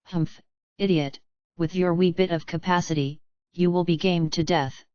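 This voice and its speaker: A man's voice: a little high, fairly even intonation, normal speed, darkish tone, smooth, no room sound, dull audio, natural voice. A woman reading the part of a curt, disdainful mercenary officer.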